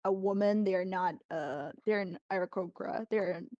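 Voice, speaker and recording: A woman's voice: mid-range voice, moderate pace, darkish tone, dry recording. A woman in a casual group chat, speaking in a hesitant, stop-start way about the voices she uses as a tabletop game player. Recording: dull dry mic.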